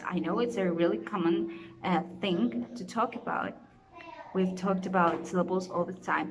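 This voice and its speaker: This is a young Colombian woman in her native-Spanish English, walking through a class topic step by step at a middle pitch. She explains patiently and often restarts her phrases. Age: young adult. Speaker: student presenter. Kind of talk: recorded class presentation.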